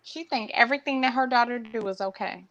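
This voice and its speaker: A woman co-hosting a casual chat, chatty and quick to agree. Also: fairly high pitch, fairly bright tone, no room sound, muffled recording.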